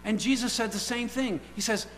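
A man preaching a sermon who fires rhetorical questions at the congregation and swings between quiet asides and loud, emphatic declarations. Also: high-pitched, fairly quick. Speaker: pastor. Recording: reverberant hall with faint mains hum.

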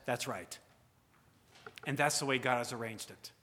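Male pastor, sermon, bright and slightly high voice, rhetorical questioning, loud-soft swings, long church reverb. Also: expressive, normal speed, pauses often. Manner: rhetorical questions, swings between loud emphasis and quiet asides.

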